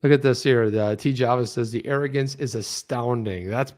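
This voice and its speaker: A man co-hosts a casual livestream, riffing with sarcasm and breaking into mocking voices for the people he quotes. His voice sits in an ordinary middle pitch, and his delivery stays lively and chatty throughout. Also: a little fast. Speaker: co-host of a crypto talk show.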